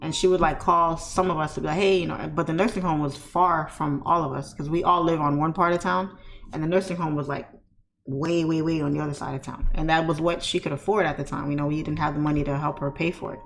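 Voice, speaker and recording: Gravelly-voiced woman chatting heart to heart. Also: deep voice, steady tone, quick pace. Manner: candid, rambling, frequent you-know fillers. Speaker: trading streamer. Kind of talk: casual heartfelt chat.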